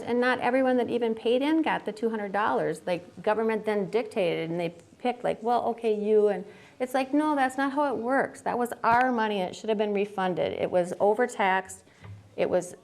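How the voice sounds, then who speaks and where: A woman answering as a candidate at a forum, animated and indignant in a conversational way. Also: medium pitch, brisk.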